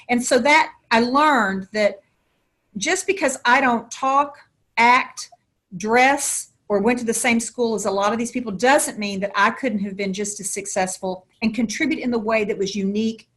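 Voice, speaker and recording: A woman's voice: a little high, measured pace, a bit bright. A middle-aged woman with a Southern American accent, a podcast guest who talks in folksy metaphors. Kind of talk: podcast interview.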